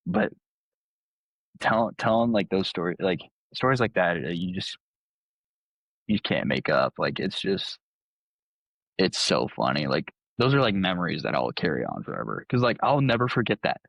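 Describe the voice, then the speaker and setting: A man's voice: low-pitched, very animated, moderate pace, vocal fry, a bit bright, dry recording, dull audio. Laid-back young man telling stories. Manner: laid-back, lots of "like", acts out quotes. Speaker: podcast guest, college baseball player. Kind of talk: casual storytelling.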